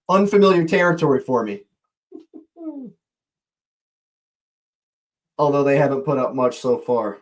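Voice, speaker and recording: A man's voice: fairly high pitch, takes it slowly, long pauses. A man hosting a live watch-along, giving fan play-by-play commentary and talking to viewers in the chat, his voice leaping up at near chances. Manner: excitable, voice leaps up on near chances; chatty, greets and talks to chat viewers.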